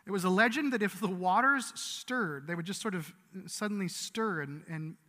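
A man's voice: sits high, moderate pace, bright, forceful tone. A man giving a sermon as pastor, earnest and conversational, with frequent restarts. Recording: long reverb of a large hall.

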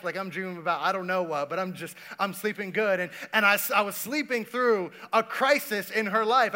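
A man's voice: high voice, bright, forceful tone. A man preaching a sermon, telling stories in a casual way and talking to the congregation. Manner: casual, storytelling, talks to the congregation. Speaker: pastor.

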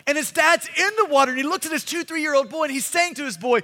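A pastor preaching a sermon with emphatic, repetitive delivery that builds to shouts, recorded in a large hall. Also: male voice, very high voice, fast talker. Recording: long hall reverb.

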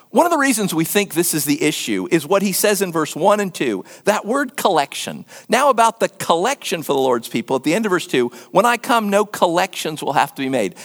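An older man preaching a sermon as pastor, lively and acting out quoted voices. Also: sits high, long reverb tail. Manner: animated, acts out quoted voices.

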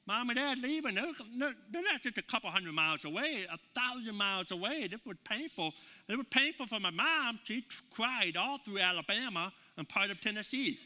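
A middle-aged man preaching a sermon in a high, piercingly bright, forceful voice. He tells stories casually, with lots of fillers and restarts. His voice rings out with a long hall echo. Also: lively intonation, fairly quick. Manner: conversational storytelling with many fillers and repeats. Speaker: pastor. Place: church sanctuary with a live congregation.

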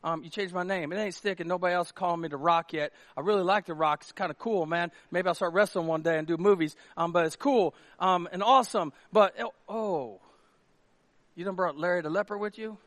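A man's voice: sits high, a little fast, fairly bright tone, no room sound. A man voicing a laid-back, easygoing young fisherman who talks in casual mumbled slang.

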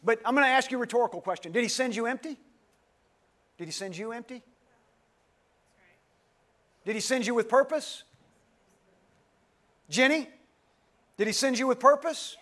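In a dim church hall, a man preaches to a live congregation in a very high, somewhat bright voice at a moderate pace, leaving long pauses. He asks his questions more than once, draws the crowd into call-and-response, and singles out listeners by name.

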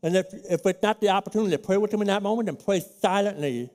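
A man preaching a sermon as pastor of a church, teaching in a practical, conversational way and acting out his own prayers in a hushed voice. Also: high voice, quick pace, few pauses. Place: church sanctuary.

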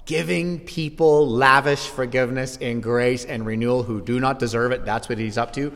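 A man preaching a sermon as pastor, swinging from quiet asides to shouted exclamations. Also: medium pitch, fairly even intonation, normal speed. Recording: long hall reverb.

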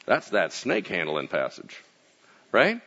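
A man delivers a casual, storytelling sermon from a church pulpit. His pitch jumps all over the place as he acts out quotes, swinging from booming to hushed. The recording is muffled and lo-fi. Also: huge pitch swings, slow, vocal fry. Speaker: pastor.

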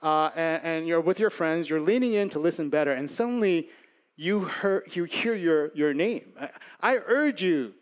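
A man preaching a sermon as pastor, conversational, moving between loud emphasis and soft asides. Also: a little high, normal speed, clear, resonant tone, lo-fi sound.

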